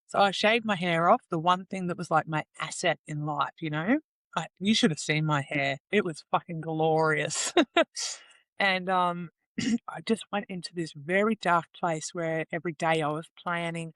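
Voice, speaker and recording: A woman's voice: fairly low pitch, moderate pace, fairly bright tone, no room sound. Woman guest, raw and emotional, swears a lot, acts out quotes, dry close sound. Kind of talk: candid personal interview.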